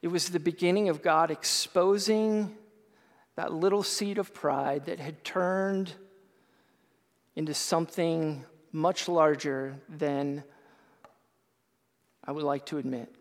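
A male pastor shares a personal testimony from the pulpit, speaking slowly and deliberately in a slightly raised voice. His earnest storytelling swells into loud, impassioned bursts. A long hall reverb trails every phrase. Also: fairly high pitch, fairly even intonation.

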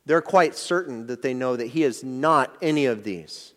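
A man's voice: mid-range voice, expressive, moderate pace, hardly any pauses, fairly bright tone, big-room sound. A man preaching a sermon as a pastor, explaining a passage in a conversational teaching manner with frequent restarts.

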